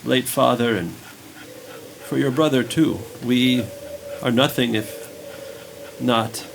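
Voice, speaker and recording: A man's voice: medium pitch, steady tone, takes it slowly, creaky, background noise. A man playing a gracious old village priest, pious and formal. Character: elderly kindly male village priest.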